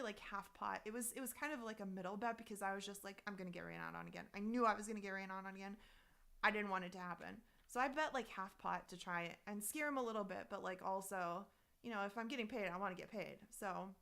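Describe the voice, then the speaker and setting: A woman poker streamer in casual live-stream chat, telling her story in an animated, exasperated way, swearing freely and answering viewer messages. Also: medium pitch.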